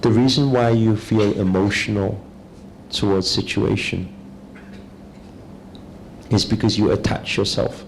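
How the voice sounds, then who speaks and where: A man giving a calm, measured spiritual talk, speaking slowly and deliberately as a teacher. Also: fairly low pitch, vocal fry, a little hiss or hum, rough recording.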